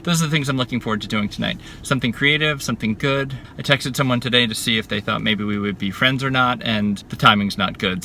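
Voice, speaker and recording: A man's voice: mid-range voice, bright, forceful tone, slight background noise. A man recording a candid video diary from his parked car, talking in a rambling, self-reflective, conversational way. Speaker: vlogger.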